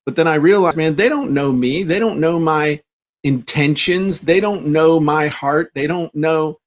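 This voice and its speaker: A man's voice: on the high side, measured pace. A middle-aged man co-hosting a podcast in casual chat, telling stories animatedly and acting out quoted lines. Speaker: podcast co-host.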